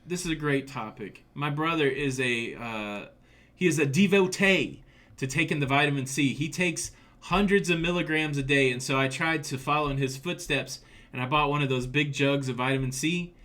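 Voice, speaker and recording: A man's voice: on the high side, moderate pace, a bit bright. A man co-hosting a casual live stream, joking with his wife and reading out viewer comments, with a slight chest cough. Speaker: livestream co-host.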